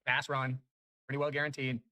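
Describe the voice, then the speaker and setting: A man giving chatty, excitable commentary over his own gameplay, jumping up in pitch when good loot drops. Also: brisk, no room sound, rough recording. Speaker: gaming YouTuber. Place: home room.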